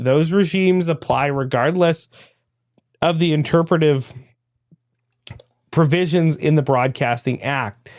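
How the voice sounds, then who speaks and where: A man's voice: fairly high pitch, no room sound. Man reading news with wry asides. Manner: dry, laughing asides. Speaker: podcast host. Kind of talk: reading a news article aloud with commentary.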